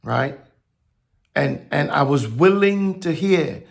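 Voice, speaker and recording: A male preacher with a fairly high, gravelly voice delivers a sermon at a slow, deliberate pace. He stumbles over and repeats words, then builds to emphatic declarations before dropping back to a soft tone. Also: lively intonation.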